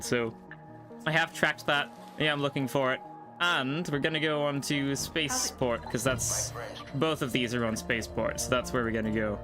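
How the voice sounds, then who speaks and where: A man's voice: medium pitch, sharp tone. A man chatting casually while streaming a game live, rambling and thinking aloud at his desk microphone. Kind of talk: casual live gameplay commentary.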